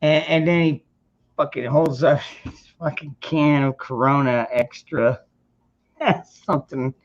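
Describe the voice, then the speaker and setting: A man hosting a casual livestream, talking in an unhurried, rambling way, full of restarts and casual swearing. His voice comes through dull and lo-fi, like muffled stream audio. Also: mid-range voice, steady tone. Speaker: livestream host. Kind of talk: casual chat.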